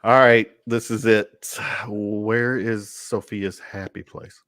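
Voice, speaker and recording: A man's voice: lowish voice, fairly even intonation, takes it slowly, fairly bright tone, dry recording. A man hosting a podcast, teasing his co-hosts and restarting his sentences often. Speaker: podcast host. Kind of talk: casual chat.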